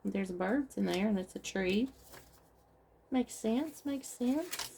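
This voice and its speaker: A woman's voice: fairly high pitch, expressive, slow, vocal fry, mellow, a little hiss or hum. A woman craft vlogger chatting casually with viewers as she talks through each step of her project. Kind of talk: casual craft tutorial chat.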